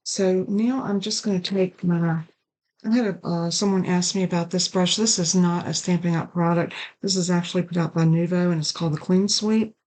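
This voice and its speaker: Low-voiced woman demonstrating card crafting. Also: fairly even intonation, normal speed, a little mellow, low-quality recording. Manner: chatty, apologetic about coughing. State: coughing and sneezing. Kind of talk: casual craft tutorial.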